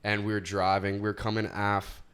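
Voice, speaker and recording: A man's voice: lowish voice, a little fast, clean tone. A young man co-hosting a podcast, telling stories in casual chat and swearing freely. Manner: animated storyteller, swears casually. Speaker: podcast host.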